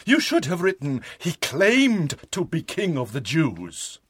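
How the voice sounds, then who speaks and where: A man's voice: on the high side, huge pitch swings, takes it slowly, a bit bright, slightly rough, no room sound, heavily acted. A man voicing indignant male chief priests who raise objections.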